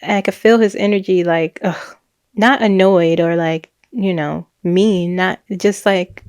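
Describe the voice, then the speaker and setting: A woman's voice: lowish voice, measured pace, a little mellow, dry recording. A woman, a psychic reader, casually recounting a reading in a chatty, rambling way with frequent laughs and restarts.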